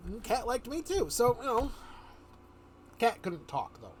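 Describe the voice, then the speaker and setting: A man's voice: very high voice, very animated, a little slow, a little hiss or hum. A man streaming live, telling a rambling story in casual chat, often chuckling and restarting his sentences.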